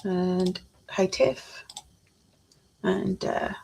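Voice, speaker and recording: A woman's voice: medium pitch, takes it slowly, creaky, darkish tone, breathy edge. A woman chatting casually on a live stream, reading out chat messages while she builds a model kit at her desk.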